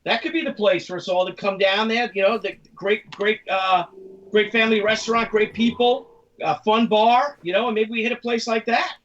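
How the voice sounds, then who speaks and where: A man co-hosting a podcast in loose chat, his voice pitched high and a little distant from the mic. He rambles through stories and acts out the voices of people he quotes. The recording sounds muffled and lo-fi. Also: fairly even intonation, moderate pace, a bit bright. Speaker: podcast co-host. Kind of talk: casual chat.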